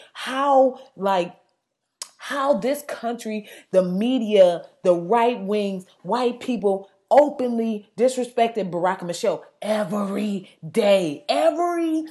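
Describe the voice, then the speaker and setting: A woman ranting in blunt, sassy, profanity-filled casual talk, with sudden loud outbursts. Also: mid-range voice, big pitch swings, takes it slowly.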